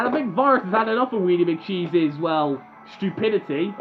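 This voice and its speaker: Excitable high-voiced young male commentator. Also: dull audio, music in the background. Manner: animated, quick and chatty.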